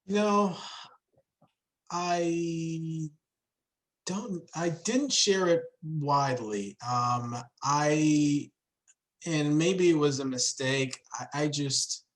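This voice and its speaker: A man on a panel giving a hesitant, halting answer to a question. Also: on the high side. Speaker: meteorologist on a panel. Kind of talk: panel discussion.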